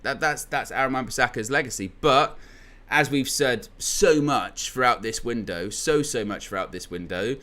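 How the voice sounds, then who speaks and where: A man's voice: mid-range voice, normal speed, sharp tone. A young man hosting a football channel, giving casual opinion commentary in a rambling way, restarting phrases often and leaning on filler words.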